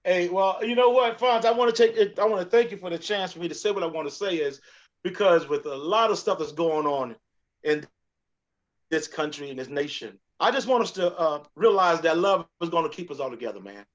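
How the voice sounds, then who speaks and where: A man's voice: high voice, lively intonation, a little fast, dull audio. A man speaking as a guest on a talk show, giving an earnest, sermon-like message of encouragement. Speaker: guest, sauce maker. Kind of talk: casual talk, preacher-like encouragement.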